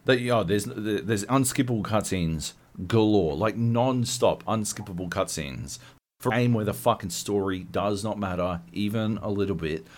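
A man's voice: on the low side, moderate pace. A man co-hosting a podcast, ranting profanely in casual chat. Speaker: podcast co-host.

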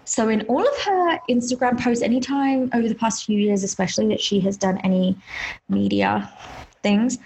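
A woman co-hosting a podcast in casual chat, talking in an animated way that rises in pitch when she gets worked up. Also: a little fast, creaky, slight background noise, low-quality recording. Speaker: podcast co-host.

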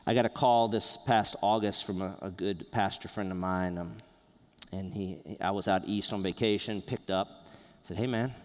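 Male pastor, lowish voice, earnest conversational sermon, reverberant hall. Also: steady tone. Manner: earnest, conversational preaching with pauses. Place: church sanctuary.

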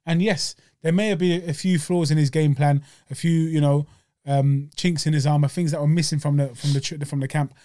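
A man's voice: fairly high pitch, fairly even intonation, a little fast, dark tone, no echo. A young man talking fight talk on a podcast, in a laid-back, slangy way. His voice sits a bit above average, and the sound is dry and close with no room around it. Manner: laid-back, slangy, clears throat often. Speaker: podcast co-host. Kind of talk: casual sports chat.

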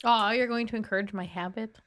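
A woman's voice: medium pitch, steady tone, fairly quick. A woman playing a tabletop game, chiming in and giggling often. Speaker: player. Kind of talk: tabletop role-play chat. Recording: loud background noise.

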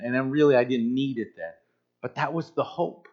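A man in his fifties preaches a sermon in a mid-pitched voice, animated and conversational with joking asides. He speaks as a pastor addressing a congregation. The recording sounds a little dull and lo-fi. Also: moderate pace. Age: 50s.

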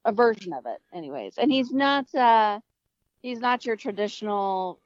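A woman's voice: mid-range voice, expressive, no room sound. A woman talks hesitantly and corrects herself as she chats on a podcast. Her voice sits in a middle range. The sound is dull and lo-fi, and it is dry. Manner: hesitant, halting, self-correcting. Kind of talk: casual chat.

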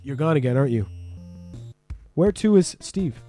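A man's voice: fairly high pitch, expressive, moderate pace, mellow, faint music behind. A man hosting a casual podcast, quizzing a guest with lots of laughs and swearing. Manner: laughing, swearing, teasing quiz-giver. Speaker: podcast host. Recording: remote podcast call.

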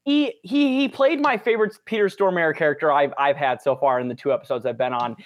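A man's voice: a little high, fairly quick, muffled recording. A man on a podcast, reviewing a film in casual chat, incredulous and swearing a lot. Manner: animated, profane, incredulous. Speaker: podcast co-host.

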